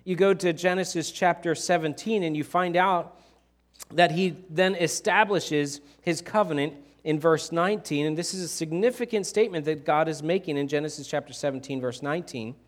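A man preaching a sermon in a church, casual and animated, pushing up his voice for emphasis. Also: on the high side, normal speed. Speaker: pastor.

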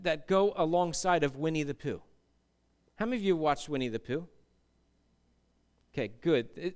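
A male pastor preaching a sermon in a church, animated and acting out panicked voices. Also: sits high.

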